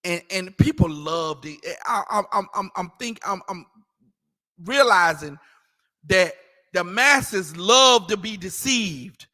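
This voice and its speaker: A man talking casually in a scripture class, animated and mocking, acting out the voices he quotes. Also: high-pitched, takes it slowly, in a large hall. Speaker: class teacher.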